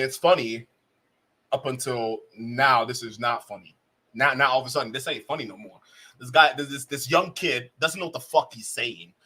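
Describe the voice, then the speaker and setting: A man streaming live, reacting to a clip with animated, mocking commentary. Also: mid-range voice, rough recording. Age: adult, has a child. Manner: animated, mocking, breaks into laughter.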